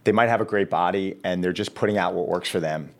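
A man with a somewhat low voice talks at a quick clip about coaching clients. He tells his stories by acting out both sides of the conversation, in an easy, casual podcast manner. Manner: storyteller acting out quoted dialogue. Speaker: fitness coach.

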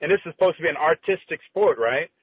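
A middle-aged man, a former competitive bodybuilder, telling stories as a guest with animated, halting speech and acted-out quotes. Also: fairly high pitch, slightly rough. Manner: animated, halting with restarts, acts out quoted dialogue. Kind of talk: conversational storytelling. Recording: tinny phone-line audio, dry.

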